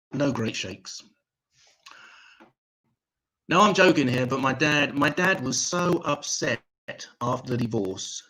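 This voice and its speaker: Comedian guy doing a crude online stand-up set, deadpan jokes, pitch jumps around, slightly husky. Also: slow, pauses often, poor audio. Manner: deadpan, crude one-liners. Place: home, online comedy show.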